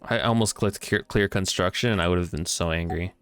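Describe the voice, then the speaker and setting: A male streamer talks casually over his gameplay in a low, smooth and resonant voice. He flips from mock-grand, dramatic musings to excited, swearing outbursts at what happens on screen. Faint music plays behind him. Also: a little fast.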